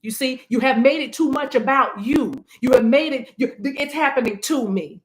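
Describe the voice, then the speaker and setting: A woman's voice: high voice, moderate pace. A woman giving an intuitive love reading in a fervent, preachy way, repeating phrases for emphasis and now and then breaking into tongues. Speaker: spiritual reader.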